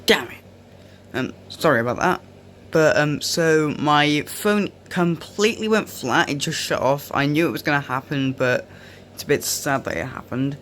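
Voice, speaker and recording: A man's voice: on the high side, moderate pace, fairly bright tone, a little hiss or hum. A young man giving casual, rambling commentary over racing game footage, often drifting off on tangents. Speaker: gaming video creator.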